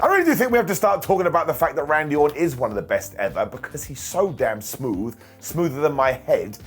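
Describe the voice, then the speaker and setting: A man recapping a wrestling show in an energetic, jokey casual way, often laughing and mocking himself. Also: mid-range voice, slightly rough.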